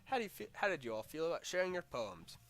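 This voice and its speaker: A man's voice: on the high side, sing-song, fast, a bit bright. A man reading as a poised club-president girl. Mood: composed.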